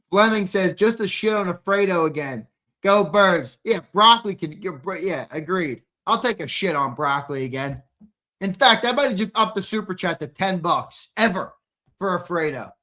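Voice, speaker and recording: A man's voice: sits high, expressive, moderate pace, pushed and bright. A young man co-hosting a live sports stream, reading the chat in a brash, teasing, profane way, his voice a little strained. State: slightly strained voice.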